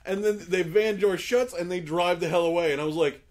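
Podcast co-host, man, fairly high voice, animated storyteller who acts out his characters. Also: a little fast, hardly any pauses. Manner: animated, acts out quoted people, laughs often. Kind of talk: casual storytelling.

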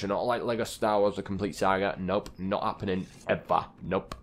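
A young man casually commentating his video game play, chatty and quick to get exasperated at the characters on screen. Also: low voice, fairly even intonation, soft background music. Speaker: gaming channel host.

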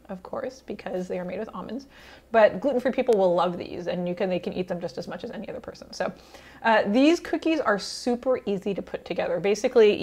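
A woman hosting a cooking channel, talking casually and enthusiastically to camera with chatty fillers and small laughs. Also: mid-range voice. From Italian heritage. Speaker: cooking show host.

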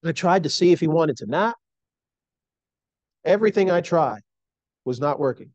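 A middle-aged man preaching a sermon in an earnest, slow and emphatic way. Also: fairly high pitch, expressive, a little mellow, no echo, lo-fi sound.

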